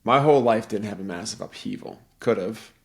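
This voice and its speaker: A man's voice: on the low side, fast talker, creaky. A middle-aged man in casual conversation, telling a rambling story and acting out the voices of the people in it.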